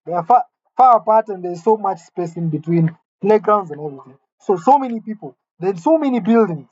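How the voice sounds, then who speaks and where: A man's voice: high voice, expressive, a little fast, a little mellow, no room sound, highs cut off. A man from Kenya, telling a candid, self-deprecating personal story in a conversational way.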